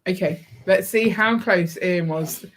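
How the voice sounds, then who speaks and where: A woman's voice: fairly low pitch, unhurried. A woman chatting casually and teasing while she builds, laughing often. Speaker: co-host of a live building stream. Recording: faint background noise and clicks.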